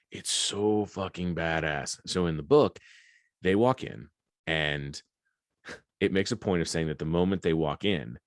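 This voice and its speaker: A man's voice: sits low, no echo. A man hosting a podcast in casual chat, rambling and swearing with enthusiasm at a close mic. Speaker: podcast host.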